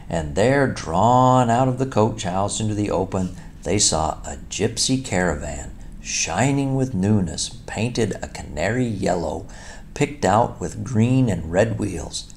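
A man reading a classic children's story aloud as an audiobook narrator, in a measured, expressive way. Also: low-pitched, slight background noise.

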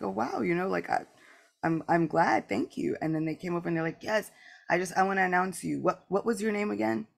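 Earnest, gravelly-voiced woman podcast host. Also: sits low. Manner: earnest and reflective, many "like" asides; acts out both sides of remembered exchanges. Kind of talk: candid spiritual podcast talk.

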